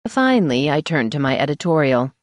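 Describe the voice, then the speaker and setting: A woman narrates a first-person novel with a brisk, wry delivery. Her voice sits low, recorded close on a studio mic in a dry, dead room. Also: very animated, no room sound. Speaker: audiobook narrator.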